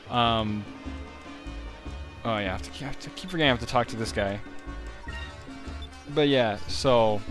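A man gives casual, rambling commentary over a video game in a mid-pitched, everyday voice. He drifts between thoughts with lots of fillers. Game music plays clearly underneath him. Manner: rambling and upbeat, with frequent fillers. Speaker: gaming channel host.

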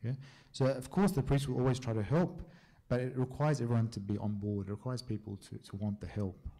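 A man's voice: mid-range voice, vocal fry, dark tone. A man, a priest, answering questions from a church group in a casual, chatty way, telling stories and often checking in with his listeners. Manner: chatty storyteller, often checks in with a quick "yeah?".

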